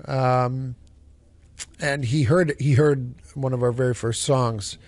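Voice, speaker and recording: A man who sings in a band tells a story in an interview, looping back and restarting his sentences and cursing freely. His voice sits at a middling pitch, and it is recorded close and dry with no room sound. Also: steady tone, takes it slowly, a little mellow, no echo. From Canada. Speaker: band singer and songwriter. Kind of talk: casual interview answers.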